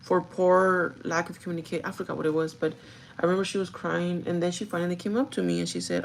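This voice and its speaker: A young woman telling a story in a casual, animated way while doing her makeup, swearing freely. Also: fairly low pitch, fast, gravelly, slight background noise, low-quality recording. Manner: chatty, animated, swears freely, code-switches into Spanish quotes. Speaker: beauty vlogger.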